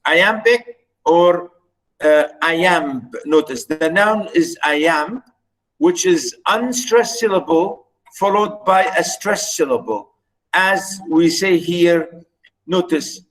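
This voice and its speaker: A man's voice: a little high, low-quality recording. A man lecturing on poetry, repeating himself often with many fillers and restarts. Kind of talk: recorded lecture.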